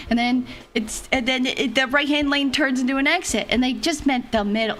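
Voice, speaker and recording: High-voiced giggly young woman streamer. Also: fairly quick, hardly any pauses, fairly bright tone, soft background music. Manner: giggly, rambling, laughs often. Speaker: vtuber streamer. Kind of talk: casual chat.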